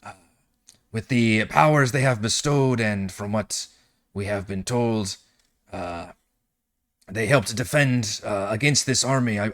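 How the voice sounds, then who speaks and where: A man's voice: on the low side, fairly bright tone. A man voicing a dutiful, deferential male military marshal who speaks formally and hesitantly.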